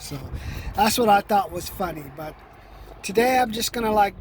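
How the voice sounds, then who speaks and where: High-voiced middle-aged man rambling casually. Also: expressive, normal speed, background noise. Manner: loose, streetwise, repeats "man" often. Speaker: vlogger.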